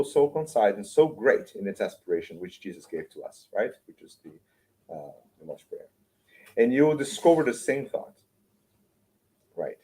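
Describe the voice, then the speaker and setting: A man's voice: mid-range voice, a little mellow, poor audio. Male lecturer at a spiritual talk, chatty and informal, keeps checking in with the room and restarts words. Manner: conversational, keeps asking "right?"; repeats words and restarts often.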